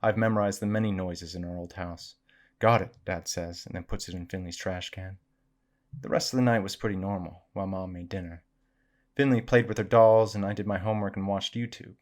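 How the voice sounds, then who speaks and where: A low-voiced man narrating spooky tales for listeners. His reading is measured and dramatic, paced to build suspense. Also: steady tone, darkish tone. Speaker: storyteller. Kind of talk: reading horror stories aloud.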